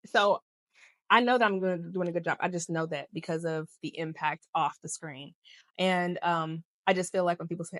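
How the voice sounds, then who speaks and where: Low-voiced woman chatting on a podcast. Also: moderate pace, a bit bright, no room sound. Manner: chatty, laughs often, goes off on tangents. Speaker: podcast co-host. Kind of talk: casual chat.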